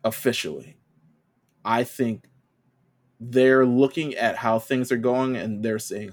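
A man co-hosting a podcast, chatting casually in a relaxed, slangy way. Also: mid-range voice, takes it slowly, long pauses. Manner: relaxed, loose with fillers and slang. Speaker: podcast co-host. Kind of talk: casual chat.

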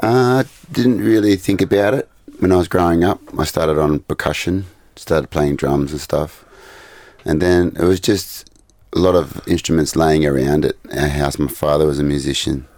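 A man with an extremely low, deep voice talks in a relaxed, modest way as a musician guest on a radio show. The sound is dry and close, with little room around it. He chuckles easily between his answers. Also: normal speed, dry recording. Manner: modest and easygoing, laughs lightly. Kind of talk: casual radio interview. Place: radio studio.

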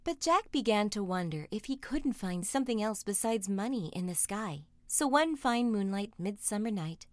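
A woman reading a fairy tale aloud, expressive and dramatic. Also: medium pitch, normal speed, few pauses, no room sound. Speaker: storyteller. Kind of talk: storybook reading.

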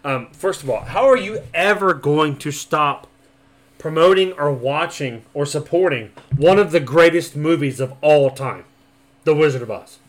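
A man's voice: on the high side, normal speed. A man co-hosting a casual podcast, talking in a brash, profane, fired-up way. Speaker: podcast co-host. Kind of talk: casual chat.

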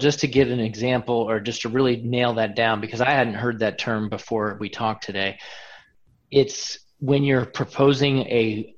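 A male show host asking a guest questions, often restarting them as he goes. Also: medium pitch. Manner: inquisitive, restarts his questions. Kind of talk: interview questions. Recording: dull lo-fi audio.

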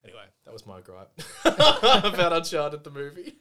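A man's voice: a little high, very animated, moderate pace, bright, forceful tone. A man, chatting casually about movies, laughing and swearing as he rambles. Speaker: podcast co-host. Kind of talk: casual chat reviewing movies.

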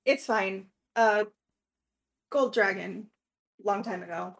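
A woman talking quickly and casually as a player in a tabletop game. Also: medium pitch, creaky, fairly bright tone, husky. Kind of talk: casual chat.

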